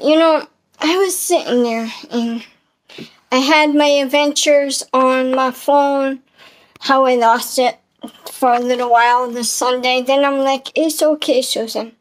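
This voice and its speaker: Chatty high-voiced middle-aged woman vlogger. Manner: chatty, heartfelt, self-encouraging. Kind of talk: casual vlog monologue.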